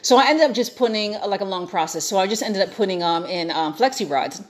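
A young woman chatting casually, telling an animated story and quoting herself and others along the way. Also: mid-range voice, quick pace.

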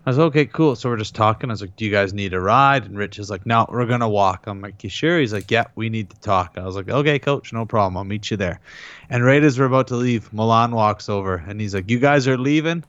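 Male podcast co-host, low voice, chatty storyteller, dry and muffled recording. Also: fast, no room sound. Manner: animated retelling, quotes others in their voices. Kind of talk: casual storytelling chat. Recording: dull, dry lo-fi sound.

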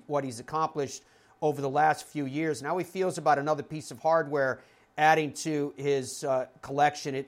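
A male golf show host recapping the weekend's events in a relaxed, conversational way. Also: mid-range voice. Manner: conversational, loose recap with fillers. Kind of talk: recapping interviews on a talk show.

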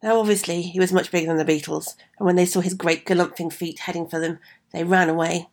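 A woman's voice: lowish voice, fairly even intonation, fast, darkish tone. A woman telling a fairy tale aloud with chatty asides to her listeners. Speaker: storyteller.

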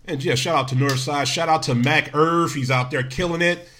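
A man hosting a casual chat, encouraging his guest and giving shout-outs. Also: fairly high pitch, moderate pace. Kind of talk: casual conversation.

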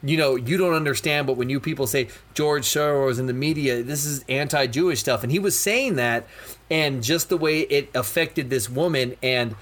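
Young dude on a podcast, super enthusiastic, rambly, keeps saying dude. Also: male voice, medium pitch, normal speed, a bit bright. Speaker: podcast co-host. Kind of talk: casual chat.

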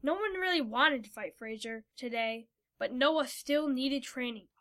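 A woman's voice: high-pitched, measured pace, fairly bright tone. A woman reading a fantasy story aloud as narrator.

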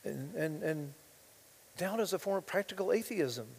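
High-voiced preacher man in a reverberant hall. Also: lively intonation, moderate pace, vocal fry, breathy edge. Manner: swings from hushed asides to loud impassioned preaching; reads scripture aloud with rising intensity. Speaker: pastor. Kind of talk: sermon.

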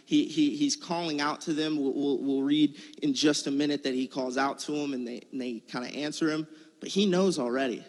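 A man's voice: on the high side, fairly even intonation, fairly quick, long reverb tail. A man giving a conversational sermon, telling a personal story in a casual, earnest way. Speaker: preacher.

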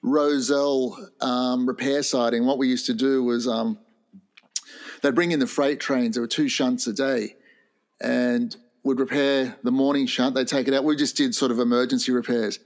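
Middle-aged Australian male co-host, relaxed and rambling, ordinary mid-range voice. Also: mid-range voice, moderate pace. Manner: laid-back, rambling reminiscence. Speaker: podcast co-host. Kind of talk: casual chat.

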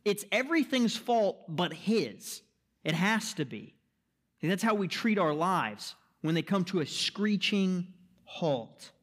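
High-voiced emphatic male pastor preaching. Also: very animated, slow, a bit bright. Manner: emphatic, asks the listeners rhetorical questions; checks in with "right?" and "okay?". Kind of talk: sermon.

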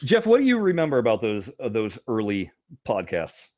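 Man, podcast co-host, animated, laughs a lot, expressive pitch, dry close sound. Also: normal speed, no echo. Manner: animated storyteller, laughs often, many restarts. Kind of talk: casual reminiscing chat.

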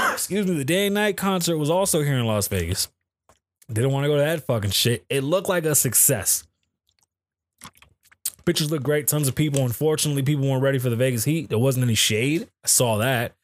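A man's voice: medium pitch, lively intonation, a little fast, no echo. Blunt, profane man podcasting solo. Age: adult, calls himself too old for festivals. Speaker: podcast host. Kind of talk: casual solo podcast commentary. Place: home in Las Vegas.

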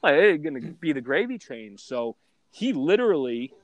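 Loud, profane man telling a rowdy story. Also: a little high, very animated, normal speed, dry recording. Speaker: guest storyteller. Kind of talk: casual podcast storytelling.

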